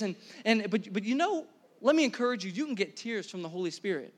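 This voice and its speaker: A pastor in his thirties preaching a sermon to a congregation, energetic and conversational, asking the room questions. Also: sits high, brisk. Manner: energetic, conversational, many restarts and audience questions. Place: church hall before a congregation.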